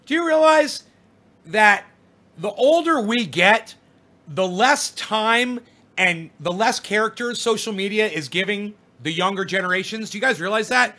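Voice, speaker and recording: A man's voice: high-pitched, lively intonation, a little slow, bright, forceful tone. A middle-aged man hosting a casual livestream, reading viewer comments aloud and lecturing them in a rambling, profane way. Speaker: live streamer reading chat.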